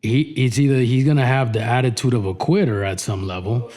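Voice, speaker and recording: A man hosting a podcast, chatting casually and thinking out loud with many restarts. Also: mid-range voice, brisk. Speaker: podcast host. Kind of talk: casual interview chat.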